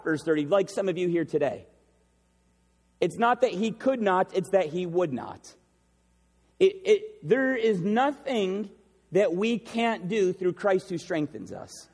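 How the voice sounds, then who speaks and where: A man's voice: sits high, a little mellow, husky. A man preaching a sermon as pastor, emphatic and repeating key phrases for effect. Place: church sanctuary. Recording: long reverb of a large hall.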